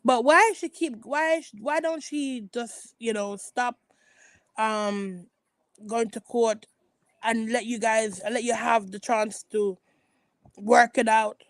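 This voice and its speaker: A middle-aged mother gently reasons with her grown son, as a woman vlogger quotes her. The voice stays near the speaker's own, a little higher. The recording is dry and close. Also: steady tone, slow pace, no echo. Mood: gentle reproach.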